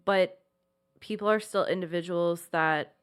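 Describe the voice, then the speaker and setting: A woman's voice: fairly low pitch, fairly even intonation, measured pace, clean tone. A woman chatting as a podcast co-host. She rambles in a reassuring way, circling her point and leaning on little fillers as she talks. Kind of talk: casual chat.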